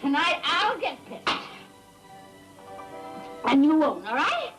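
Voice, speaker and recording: A drunk, bitter wife. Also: female voice, high voice, big pitch swings, takes it slowly, over loud music, exaggerated voice, low-quality recording. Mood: drunken taunting. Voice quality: slurred, tearful, shouting outbursts. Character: bitter drunk lonely wife, middle-aged.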